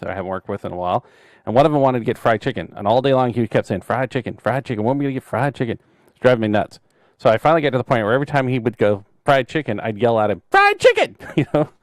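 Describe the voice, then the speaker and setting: A middle-aged man co-hosting a casual podcast, telling jokey stories and sometimes bursting into loud yells. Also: mid-range voice, dry recording, clean studio sound. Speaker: podcast co-host, author. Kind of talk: casual chat.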